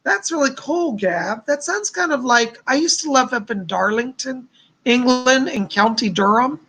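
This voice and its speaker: A man's voice: very high-pitched, animated, unhurried. A man hosting a live stream of psychic readings, chatty and effusive, reading out viewers' messages and showering them with thanks and blessings. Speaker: psychic host.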